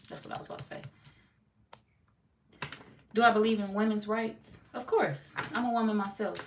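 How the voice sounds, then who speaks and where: A woman's voice: on the low side, vocal fry. A woman from Missouri hosting a tarot livestream, chatting casually with viewers. She is blunt and playful, swears freely and laughs often. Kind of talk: casual livestream chat reading viewer comments. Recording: echoey room, far from mic, noisy.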